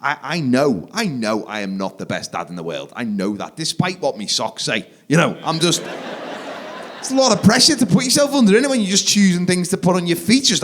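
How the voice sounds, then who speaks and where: A man, doing live stand-up comedy on a theatre stage and leaping into loud shouted voices for his kids. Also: a little high, very animated, brisk. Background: audience laughter.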